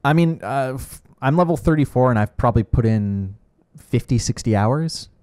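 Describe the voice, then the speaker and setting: A man's voice: medium pitch, lively intonation, normal speed, darkish tone, smooth, no echo, studio quality. Chatty man narrating gameplay. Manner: chatty, good-humored, often restarts sentences. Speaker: co-host showing gameplay. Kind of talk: casual gameplay commentary.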